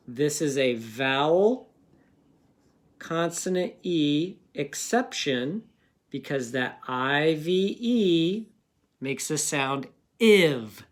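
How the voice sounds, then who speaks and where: Give me a patient male teacher slowly sounding out words in a phonics lesson for young children. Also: a little high, a bit bright. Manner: slow, patient, sounding out words and asking questions.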